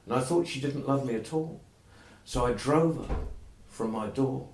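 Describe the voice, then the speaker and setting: A man voicing a grieving old father who is full of remorse, speaking slowly and sorrowfully. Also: mid-range voice, a little mellow, pitched above the performer's own voice, lightly acted. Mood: remorseful. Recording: roomy echo.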